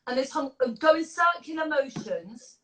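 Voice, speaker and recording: A woman's voice: sits high, lively intonation, moderate pace, pushed and bright, rough recording. A woman, a makeup artist and beauty founder, chatting effusively while demonstrating makeup over a video call, with many fillers. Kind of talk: casual chat with makeup demonstration.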